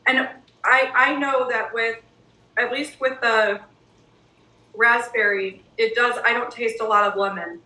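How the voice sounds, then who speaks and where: A woman's voice: a little high, fairly even intonation, a little slow, bright, forceful tone. A woman co-hosting a cooking show, chatting casually and gushing enthusiastically about the food she is tasting. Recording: echoey room, mic at a distance.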